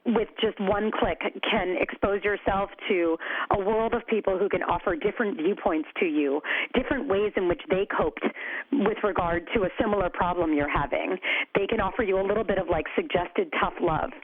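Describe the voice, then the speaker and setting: A woman speaks as a podcast guest, open and animated, her sentences full of "like" and "you know". Her voice comes through a thin, phone-like line. The sound is dry and close, with no room around it. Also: mid-range voice, moderate pace, no echo. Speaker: podcast guest, co-founder of a grief community. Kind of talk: conversational interview.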